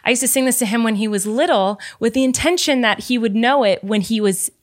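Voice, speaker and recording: A young woman and mother chatting casually about songs she wrote for her son. She talks quickly and emotionally and often laughs at herself. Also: fairly high pitch. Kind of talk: casual chat. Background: ukulele.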